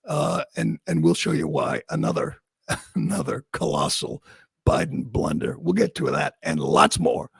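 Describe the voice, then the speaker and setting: A man's voice: a little high, wildly swooping pitch, creaky, breathy edge, dry recording, clean studio sound. A man hosting a talk show, delivering sarcastic, mocking political commentary. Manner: sarcastic, mocking, quick asides with laughs. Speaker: talk radio host.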